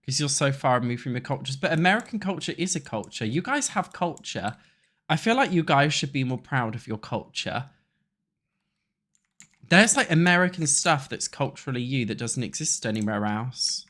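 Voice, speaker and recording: A man's voice: mid-range voice, sing-song, normal speed, fairly bright tone. A young British man from England chatting casually while playing a building game. He rambles and swears freely. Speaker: gaming YouTuber.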